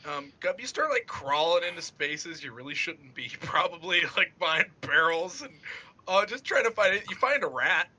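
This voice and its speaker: Laughing, bright-voiced game master man. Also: a little high, expressive, moderate pace. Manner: laughs often, loose narration with many fillers. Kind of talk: casual tabletop game narration.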